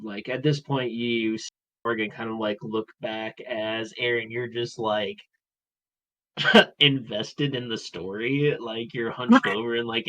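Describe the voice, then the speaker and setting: Lower-voiced man running a tabletop game. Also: fairly bright tone, rough recording. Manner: hesitant, many fillers. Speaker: game master. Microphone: own mic on online call.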